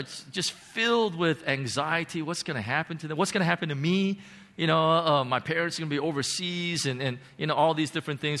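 A man telling a personal faith testimony in an earnest, emotional way, dropping soft and low and then rising loud and high. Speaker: speaker sharing a faith testimony.

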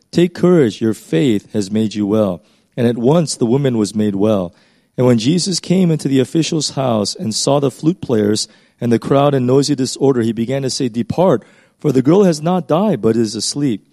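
A man's voice: medium pitch, darkish tone, dry recording, clean studio sound. A man, a pastor, reading a Bible passage aloud and then explaining it in a casual teaching voice with fillers and restarts.

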